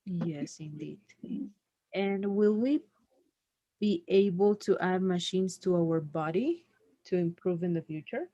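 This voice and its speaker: A woman's voice: lowish voice, takes it slowly, warm tone, dry recording, muffled recording. A woman teaching a one-on-one English lesson, asking brief prompting questions.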